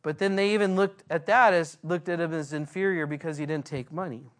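A man, a pastor, giving a verse-by-verse Bible teaching in an earnest way, slowing down when he reads scripture aloud. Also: on the high side.

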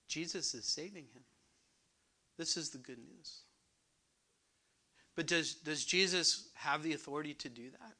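A man's voice: a little high, unhurried, pauses often, bright, forceful tone. A man preaching a sermon, asking the congregation questions and repeating words for emphasis. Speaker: pastor.

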